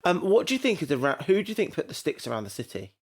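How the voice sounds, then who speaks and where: Lively animated man chatting. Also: on the high side, racing. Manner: animated, argumentative. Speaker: podcast co-host. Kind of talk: casual chat.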